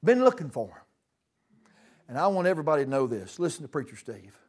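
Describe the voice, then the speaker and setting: A man preaching a sermon in a church, folksy, with dramatic swings from loud to hushed. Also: on the high side, sing-song, fast.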